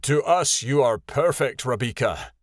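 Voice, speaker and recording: A man doing fawning, flattering grey wolves. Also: mid-range voice, a little slow, no room sound, clean studio sound, close to an everyday voice. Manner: flattering, eager.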